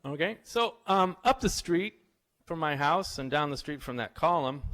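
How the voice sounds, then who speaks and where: A man in casual explanatory talk, relaxed and conversational, with fillers and asides. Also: fairly high pitch, a little slow.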